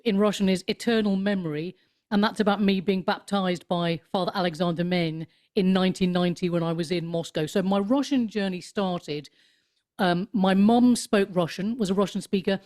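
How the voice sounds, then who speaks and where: Woman, 50s, guest on a chat show, rambling, lively storyteller, mid-pitched voice. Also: normal speed. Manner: animated storyteller, swoops up into mock voices; rambling with many restarts. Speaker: author and comedian guest. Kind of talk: casual interview chat.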